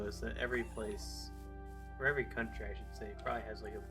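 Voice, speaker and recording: A man hosting a livestream as its game master. He talks in casual voice chat, explaining things in a measured way and correcting himself as he goes. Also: fairly low pitch. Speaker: game master and stream host. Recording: game music under the voice.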